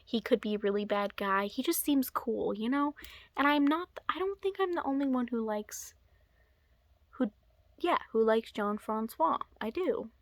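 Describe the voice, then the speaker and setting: A woman's voice: fairly high pitch, animated, normal speed, no echo. A young woman chatting casually in a book-review vlog, rambling and dropping into whispered asides. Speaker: book vlogger.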